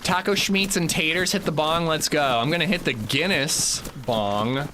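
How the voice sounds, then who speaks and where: A man's voice: on the high side, moderate pace, background noise. A man in his thirties streaming a game, chatting casually and joking with his chat in a rambling way. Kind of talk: casual livestream chat while gaming.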